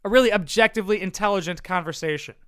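A man's voice: sits high, racing, sharp tone, smooth, no room sound. A man giving casual advice to viewers in a blunt, profane, rambling way. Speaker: content creator answering viewer questions.

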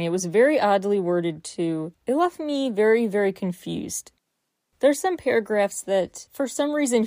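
A woman hosts a solo podcast and picks apart what she is discussing in a rambling, incredulous way, firing off rhetorical questions. Her voice sits at a middle pitch and is recorded close and dry, with no room sound. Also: warm tone, no room sound. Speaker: podcast host. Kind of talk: solo news recap podcast commentary.

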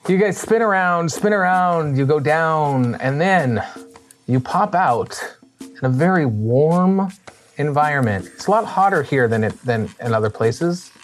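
A man's voice: on the high side, animated, a little slow, faint music behind. A man running a tabletop game as game master, narrating in a loose, playful way with casual fillers.

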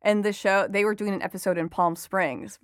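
A woman's voice: mid-range voice, fairly even intonation, a little fast, smooth, dry recording. Chatty woman reporter, very dry sound. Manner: chatty, laughs often, many fillers. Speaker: entertainment reporter and author. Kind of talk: conversational interview answers.

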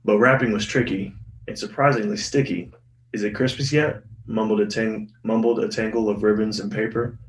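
A man's voice: lowish voice, fairly even intonation, a little fast, recorded from a distance. A man reading a children's Christmas picture book aloud, giving the characters' lines some expression. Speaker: guest reader. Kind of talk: storybook read-aloud. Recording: roomy sound from off-mic, soft music behind.

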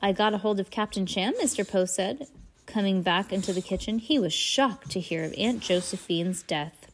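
Faint music plays behind another halting read-aloud, with the woman tripping on words, fixing them, and breaking off for asides and laughter. Her voice sits in the mid range.

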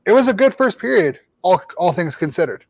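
A man's voice: high-pitched, a little fast, husky, dry recording. A man hosting a hockey podcast, opening the show and chatting casually about last night's game. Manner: upbeat, relaxed, reads sponsor plug. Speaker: podcast host. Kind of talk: casual sports podcast chat.

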